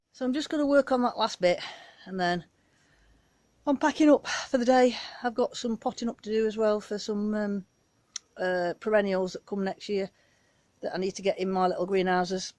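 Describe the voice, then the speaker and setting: A woman's voice: mid-range voice, darkish tone, no echo. Chatty British woman in her garden. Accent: British English. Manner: chatty, rambling, down-to-earth. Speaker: gardening vlogger. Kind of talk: casual chat. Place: outdoor back garden.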